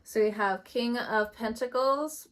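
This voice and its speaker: A woman with a slightly high, slightly slow voice gives a casual tarot reading. She chats loosely, laughs a lot, and swears in an offhand way.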